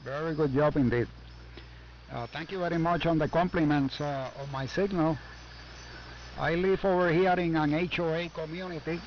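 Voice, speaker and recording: Older ham operator with a Puerto Rican accent, friendly and halting, fairly high voice over muffled radio. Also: male voice, steady tone. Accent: Puerto Rican Spanish. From Puerto Rico. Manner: friendly, halting, many "uh" and "you know". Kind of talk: casual on-air radio chat. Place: home basement. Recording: muffled amateur radio audio, faint static.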